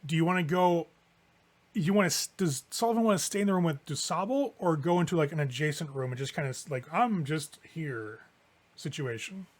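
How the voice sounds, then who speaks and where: A man's voice: on the high side, fast talker. A man narrating as game master in a tabletop game, setting scenes casually with lots of fillers.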